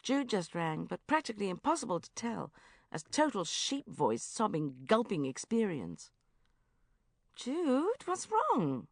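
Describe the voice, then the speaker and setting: A woman narrating a first-person comic diary audiobook in a lively, self-mocking, exclamatory way. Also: lowish voice, normal speed, gravelly, no echo, studio quality.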